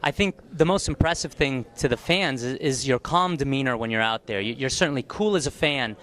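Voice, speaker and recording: A man's voice: medium pitch, a little fast, a bit bright. A man interviewing athletes after a competition, upbeat and playful in his questions. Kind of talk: post-competition sports interview. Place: competition arena.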